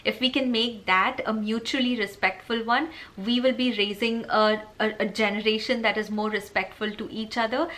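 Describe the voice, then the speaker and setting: A woman's voice: fairly high pitch, steady tone, normal speed, hardly any pauses, fairly bright tone. A woman vlogging parenting advice in a casual, earnest, explanatory way, often checking in with "right?". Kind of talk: casual advice talk to camera.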